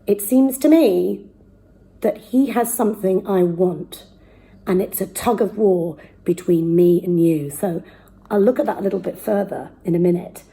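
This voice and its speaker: Animated woman teaching verse, mellow and breathy. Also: mid-range voice, unhurried, poor audio. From United Kingdom. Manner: lively, emphatic, drops to whispers for effect. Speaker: drama teacher. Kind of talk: explaining verse speaking to children.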